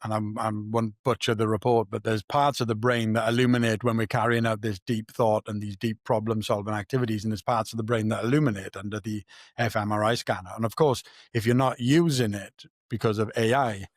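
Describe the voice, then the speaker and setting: A man's voice: on the low side, steady tone, fairly quick, dry recording, clean studio sound. A man hosting a podcast, talking in an earnest, reflective way and thinking aloud in casual conversation. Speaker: podcast host.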